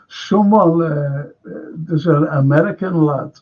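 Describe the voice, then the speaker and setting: A man's voice: a little high, slow, pauses often, narrow, tinny audio. A man with a Scouse accent hosting a live stream, chatting casually in a rambling, stop-start way and reading out viewer comments.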